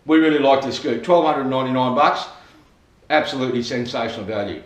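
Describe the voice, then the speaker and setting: A man's voice: mid-range voice, fairly quick, reverberant, lo-fi sound. An Australian man giving a chatty, jokey product review at home, swearing casually and repeating a running gag. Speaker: scooter reviewer. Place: home dining room.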